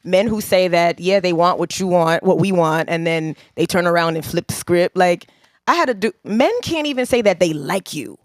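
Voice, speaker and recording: Woman in her thirties, podcast guest, animated storyteller, dry sound. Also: lowish voice, normal speed, no room sound. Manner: animated, laughing, acts out quotes. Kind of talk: casual chat, storytelling.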